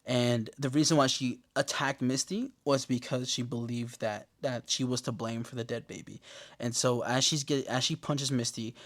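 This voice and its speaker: Man, podcast host, casual recap, loose slangy joking, swears a lot, loud high exclamations now and then, mid-pitched voice. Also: steady tone, normal speed.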